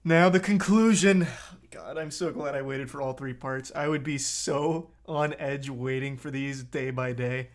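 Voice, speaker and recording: A man's voice: medium pitch, a little slow, hardly any pauses. A man streaming a casual reaction to a video, blunt and profane, who gets heated as he comments.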